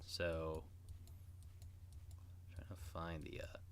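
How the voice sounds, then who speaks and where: A man's voice: a bass voice, completely flat delivery, drawn-out words, fairly bright tone, a little hiss or hum. A man narrating as game master in an online tabletop game, hesitant and full of restarts. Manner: hesitant, many restarts and fillers.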